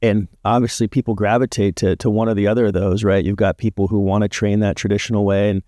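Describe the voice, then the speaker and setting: Male podcast guest, laid-back storyteller, lowish warm voice, dry close sound. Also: fast, dry recording. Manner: relaxed storyteller with frequent "like" fillers. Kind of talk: casual storytelling chat.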